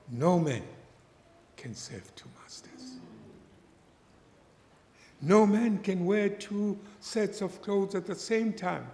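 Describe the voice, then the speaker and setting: A man preaching a sermon, telling a story slowly and deliberately and acting out its characters. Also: a little high, gravelly, a little mellow. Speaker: pastor. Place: church hall. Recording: echoey church hall with long reverb.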